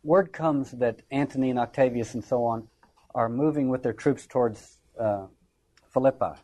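A husky-voiced man lecturing in a loose, conversational way. He is wry and dry, and he keeps slipping into little acted readings of the lines he quotes. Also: medium pitch, normal speed, warm tone, poor audio. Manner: conversational, wry, acts out quotations. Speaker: literature lecturer. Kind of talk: informal lecture on a play.

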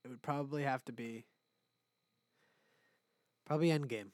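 A man's voice: mid-range voice, fairly even intonation, normal speed, a little mellow, no echo, studio quality. A young man in casual chat, rambling and swearing freely, with frequent laughs. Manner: rambling, profane, laughs often.

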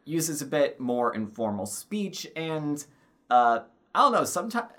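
A woman's voice: sits low, sing-song, unhurried, a bit bright. A woman co-hosting a film podcast in a casual, rambling chat with many fillers. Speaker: podcast co-host.

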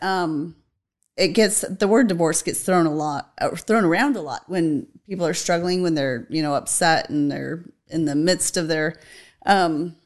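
A woman co-hosting a casual podcast. She talks in a loose, conversational way, laughs lightly and often, and fills her sentences with little pauses. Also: fairly low pitch. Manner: giggly, conversational, many fillers like "um" and "like". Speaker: podcast co-host. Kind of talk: casual chat.

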